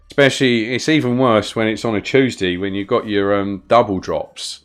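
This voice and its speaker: A man's voice: fairly low pitch, normal speed, fairly bright tone, soft background music. A man with a London accent giving chatty, rambling gameplay commentary on a live stream and greeting viewers in the chat as he plays. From London, England.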